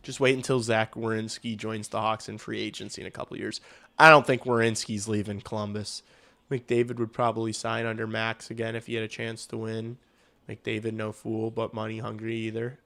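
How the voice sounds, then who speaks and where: Bright-voiced excitable hockey streamer, a man. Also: brisk, creaky. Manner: excitable, jumps loud and high on big plays, swears. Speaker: hockey livestream host. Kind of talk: casual live play-by-play commentary.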